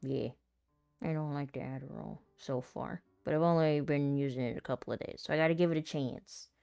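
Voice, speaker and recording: A woman's voice: low voice, fairly quick, creaky, darkish tone, clean tone, dry recording, soft background music. A woman voice actor chatting casually while she rehearses, rambling, self-deprecating and laughing often. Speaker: voice actor and content creator.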